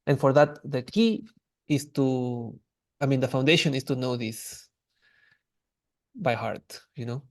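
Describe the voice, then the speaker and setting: A man's voice: mid-range voice, unhurried, pauses often, a little mellow, no room sound. A man teaching an online language class in a casual, restarting way, demonstrating sounds.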